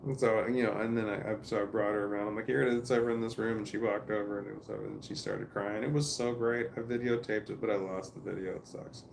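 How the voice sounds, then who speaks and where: Low gravelly guy rambling thru a story, swears a lot, faint hiss behind. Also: level tone, quick pace, few pauses. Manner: rambling, profane, restarts often. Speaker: vlogger telling a family story. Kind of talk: casual storytelling monologue.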